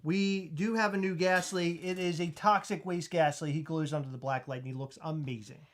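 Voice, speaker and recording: A man's voice: a little high, fairly even intonation, normal speed, fairly bright tone. A man co-hosting a live podcast stream, offhandedly reading out viewer names and giving thanks. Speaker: podcast co-host. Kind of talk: casual live-stream chat.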